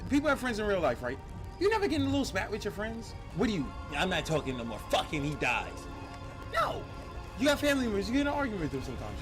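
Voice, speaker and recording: A man streaming a game, talking in animated, profane, rambling banter. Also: high voice. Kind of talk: casual gaming stream talk. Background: faint game music.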